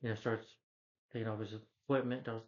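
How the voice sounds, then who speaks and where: A man's voice: lowish voice, level tone, brisk, lo-fi sound. A man who reviews movies, casually retelling a film's plot in a loose, rambling way with lots of "like" and "you know".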